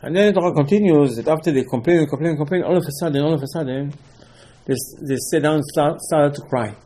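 A man teaching an animated Torah class, mixing Hebrew terms into his English and pressing rhetorical questions. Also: fairly high pitch, fast talker. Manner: repeats rhetorical questions, emphatic.

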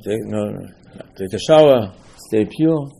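Speaking somewhat slowly in a lowish, expressive voice with vocal fry, a mellow quality, and a breathy edge, a rabbi gives a casual Torah class. He stresses his points, repeats key phrases, asks rhetorical questions, and uses a little broken English grammar.

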